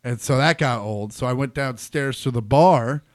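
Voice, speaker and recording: A man, a comedian guest, telling a story in casual chat and acting out quotes loudly. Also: medium pitch, normal speed. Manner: animated, acts out quotes loudly.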